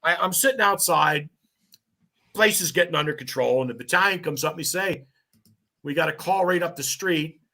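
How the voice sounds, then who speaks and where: A man in his fifties, a firefighter lieutenant, telling animated, swearing stories on a podcast. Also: a little high, normal speed. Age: 50s. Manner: animated, laughing, swearing storyteller. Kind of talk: casual storytelling.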